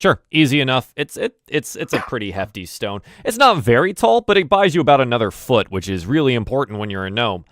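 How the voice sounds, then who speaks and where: A man's voice: mid-range voice, very animated, fairly quick, hardly any pauses, fairly bright tone, no echo, studio quality. A man narrating as game master, rambling with many fillers and restarts.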